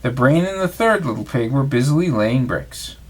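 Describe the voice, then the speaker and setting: A man reading a bedtime storybook aloud to his child in an expressive read-aloud voice. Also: mid-range voice, moderate pace.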